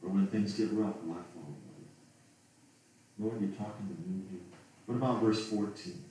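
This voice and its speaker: This sermon comes from a man whose lowish, mellow voice moves at a moderate pace. He recites King James passages, then turns to pleading rhetorical questions. Slight background noise and a roomy echo from a far-off mic color the sound.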